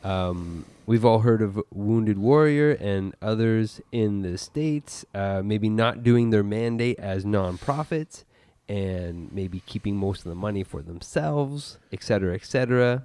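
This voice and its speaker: A man's voice: on the low side, a little mellow, dry recording. A man co-hosting a podcast, reading listener questions aloud and giving short agreeing replies. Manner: brief backchannel agreement, reads questions aloud. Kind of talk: casual chat.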